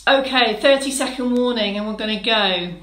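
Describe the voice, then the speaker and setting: A woman fitness instructor with a fairly high voice leads a live-streamed exercise class. She chats, greets viewers one by one and gives encouraging step-by-step cues. The sound bounces around an echoey room. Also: normal speed, fairly bright tone. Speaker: fitness instructor for older adults.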